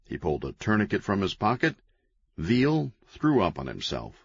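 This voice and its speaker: A man narrating an audiobook in a wry, deadpan storytelling manner. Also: on the low side, moderate pace, husky, dry recording. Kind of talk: scripted narration. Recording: dull, lo-fi, dry.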